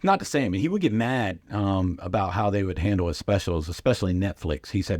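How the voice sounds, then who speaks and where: A middle-aged man with a low voice tells comedy stories in a casual podcast chat. He is animated and slips into other people's voices as he quotes them. The sound is dry and close to the mic. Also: fairly quick, few pauses, no echo. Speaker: comedian guest.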